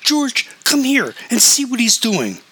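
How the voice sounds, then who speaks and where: A man voicing a shrill, scolding middle-aged mother in a story reading, snarling as she argues. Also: lively intonation, normal speed, a bit bright, breathy edge, heavily acted.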